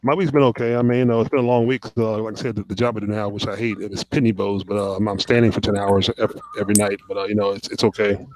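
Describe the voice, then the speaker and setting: A man in casual live-stream chat, talking in a halting way that stumbles and repeats words. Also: on the low side, level tone, darkish tone, low-quality recording. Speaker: guest co-host.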